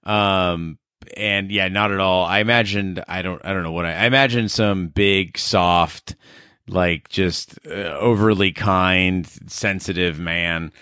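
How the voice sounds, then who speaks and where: A man's voice: deep voice, fairly even intonation, slow pace, sharp tone, smooth, no room sound, clean studio sound. A man co-hosting a podcast in casual, easygoing chat with a wry touch. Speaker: podcast co-host.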